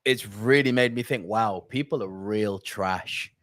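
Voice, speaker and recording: A man's voice: on the low side, measured pace, fairly bright tone, dry recording, studio quality. A man co-hosting a podcast, reading out viewer comments and giving blunt opinions that include swearing. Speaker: podcast co-host reading live chat. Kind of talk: casual podcast chat.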